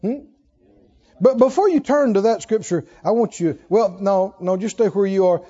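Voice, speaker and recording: A male pastor preaching a sermon in a large church, animated and chuckling, firing rhetorical questions at the congregation. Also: high-pitched, normal speed. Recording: dull lo-fi sermon recording.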